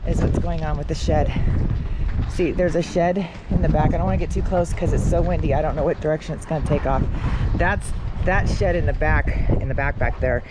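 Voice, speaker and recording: A woman's voice: low-pitched, a little fast. A woman vlogger chatting in a rambling way while she films outdoors on open land in strong wind, her handheld mic without a wind cover. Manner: rambling, talks while walking and filming. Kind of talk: casual chatty vlog. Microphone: handheld camera mic without wind cover. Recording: loud wind buffeting the mic. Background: howling wind.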